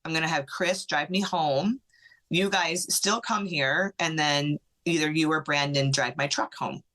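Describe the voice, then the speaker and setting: A middle-aged woman, a podcast guest, tells a personal story in an animated way, acting out what others said, with many "like" fillers. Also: sits low, measured pace.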